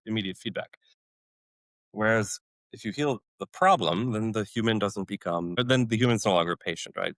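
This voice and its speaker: A man's voice: fairly low pitch, a bit bright, no echo, rough recording. A man in his forties, a former special forces medic, telling his story as a podcast guest and acting out his own past outbursts. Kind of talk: storytelling interview.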